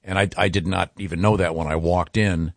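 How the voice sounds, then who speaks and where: A man hosting a radio show, telling a story in a rambling, halting way with plenty of fillers. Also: low voice, steady tone, dry recording, clean studio sound. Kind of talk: casual morning show banter.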